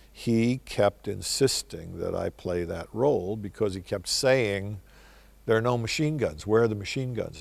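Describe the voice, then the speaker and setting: A man's voice: low voice, gravelly, darkish tone, husky, no room sound. An older man, a film director, telling wry, reflective stories in answer to interview questions.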